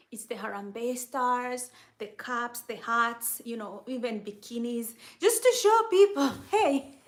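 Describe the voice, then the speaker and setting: A woman's voice: on the high side, a bit bright. A young woman from Kenya with a Kenyan accent, chatting casually and answering questions, with lots of restarts and "you know.".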